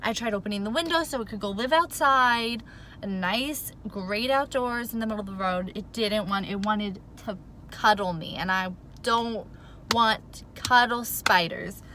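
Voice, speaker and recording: A flustered woman rambles through a casual storytime vlog from her car, her voice bright and a little sharp. She is still worked up and fills every pause with "like." A faint background hum sits under her talk. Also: mid-range voice. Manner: animated, rambling, says "like" a lot. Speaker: vlogger.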